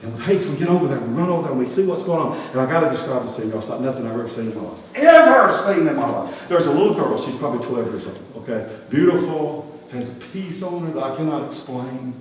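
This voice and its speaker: A man, a pastor, playing a skeptical, rough-spoken outcast shepherd in a first-person dramatic sermon, talking. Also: mid-range voice, quick pace, hardly any pauses, close to an everyday voice. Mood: earnest. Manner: folksy, colloquial grammar, rising animated questioning. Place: church sanctuary. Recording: echoey hall, distant mic, faint hum.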